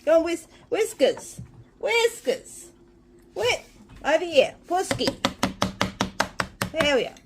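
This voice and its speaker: A woman's voice: very high-pitched, big pitch swings, a little slow, pauses often, very noisy. A half-asleep woman, chatting to her cats in cooing baby talk as she feeds them at home. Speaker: cat owner filming her cats. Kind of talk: casual talk to pets.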